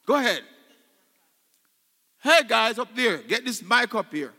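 A male pastor preaching a sermon, leading his congregation in call and response and swinging between loud shouts and hushed tones. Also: extremely high pitch, very animated, measured pace, big-room sound. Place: church sanctuary.

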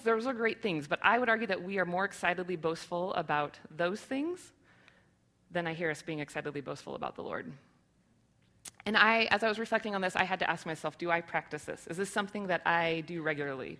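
A woman's voice: fairly low pitch, fairly bright tone. A woman in her thirties giving a sermon to her church, earnest and conversational, with many rhetorical questions. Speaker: church speaker.

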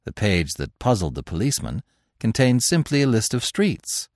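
A man narrating a classic tale in expressive, scripted storytelling style. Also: lowish voice, moderate pace, dry recording, clean studio sound.

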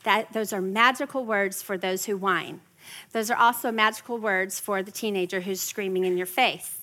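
A woman's voice: mid-range voice, steady tone, normal speed, sharp tone. A middle-aged woman teaching a parenting class in a chatty way, often checking in with her listeners. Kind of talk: workshop teaching to a live group.

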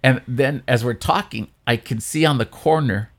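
A man, a priest co-hosting a church podcast, telling a childhood story in casual chat with lively quoted voices. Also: moderate pace. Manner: animated storyteller, jumps high for quoted voices.

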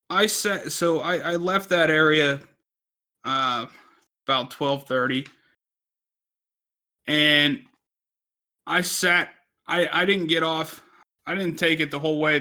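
A man's voice: on the high side, slow pace, long pauses, bright, forceful tone. A man co-hosting a podcast, telling a rambling story in casual chat, swearing constantly. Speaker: podcast co-host.

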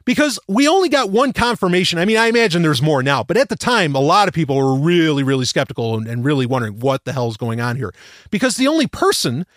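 A man's voice: fairly high pitch, very animated, quick pace, a bit bright, no room sound, studio quality. A man hosting a podcast, telling a rambling story with lots of restarts and the odd swear word. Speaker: podcast host. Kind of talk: casual storytelling monologue.

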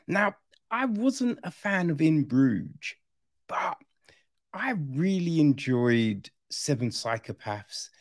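A man's voice: a little high, dry recording, clean studio sound. A man chatting casually through a film review, rambling and often tossing in "right?" as an aside.

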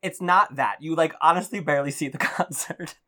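A man's voice: fairly high pitch, a little fast. Gossipy man in casual chat. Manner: gossipy, many likes and ums, animated storytelling. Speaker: podcast co-host.

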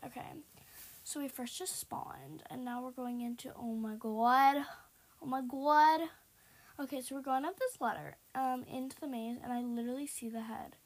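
A young woman commentating her own horror game play in a jumpy way, dropping to hushed whispers and then bursting into loud panicked exclamations. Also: on the high side, fairly even intonation, a little fast. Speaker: gamer.

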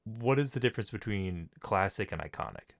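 A man with a low, gravelly voice guides a casual podcast chat and asks the questions. The sound is dry and close. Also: animated, brisk, dry recording. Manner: steers the talk, asks questions.

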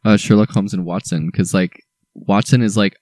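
A man's voice: on the low side, steady tone, normal speed, a little mellow, no room sound. A young man co-hosting a casual podcast, talking in enthusiastic, rambling bursts with lots of restarts. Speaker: podcast co-host.

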